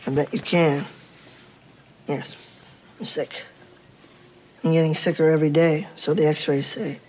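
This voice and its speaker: An actor playing a gentle, sick little man who talks softly and sounds resigned, heard in a film clip. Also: fairly high pitch, little pitch movement, unhurried, a little hiss or hum, lightly acted. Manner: soft-spoken, quietly resigned. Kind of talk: film dialogue. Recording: film clip over music.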